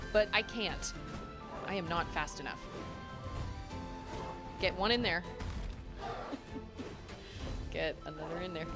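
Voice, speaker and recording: Over music, a young adult woman with a lowish voice gives live gameplay commentary, taking it slowly and pausing often. She's excitable, groaning and laughing at setbacks and exclaiming as she plays.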